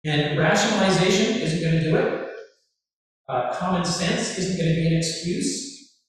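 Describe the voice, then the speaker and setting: A man's voice: on the high side, moderate pace. A man preaching a sermon as pastor, talking conversationally with rhetorical questions and asides. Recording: echoey hall from far off.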